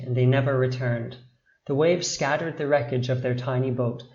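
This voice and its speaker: A man narrating a bedtime story in a slow, expressive, dramatic way. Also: mid-range voice, echoey room, muffled recording.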